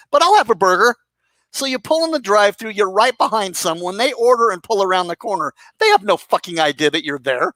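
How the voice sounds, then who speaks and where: A man's voice: high-pitched, a bit bright, no echo. A man ranting in a mocking, sarcastic roast full of swearing, aimed at another online personality. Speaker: commentary YouTuber. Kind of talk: profane roast rant.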